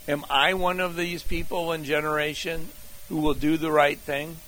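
An older man preaching a sermon, working through an outline point by point in a deliberate way. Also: a little high, fairly bright tone, slight background noise, low-quality recording. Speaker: pastor.

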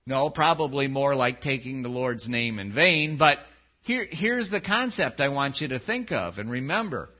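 A man preaching a sermon as pastor, swinging between loud pleading and low, quiet tones. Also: lively intonation, moderate pace. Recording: dull lo-fi sound.

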